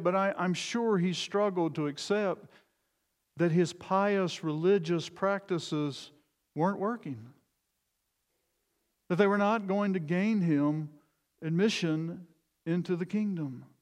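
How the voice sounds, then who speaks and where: A man's voice: high-pitched, darkish tone. A male pastor preaching a sermon in an earnest, emphatic way, often repeating words as he goes. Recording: long reverb of a large hall.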